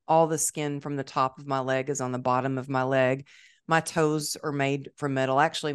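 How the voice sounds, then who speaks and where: A woman with a low, smooth and resonant voice talks candidly and upbeat as a podcast guest. The sound is dry and close, with almost no room around it. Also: no echo. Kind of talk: conversational interview. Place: podcast studio.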